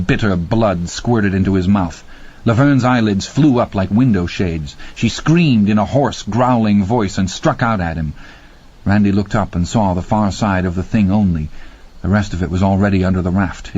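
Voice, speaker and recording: A man with a husky voice narrating a horror audiobook with slow, dramatic pacing. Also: low-pitched, darkish tone. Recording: dull lo-fi audio.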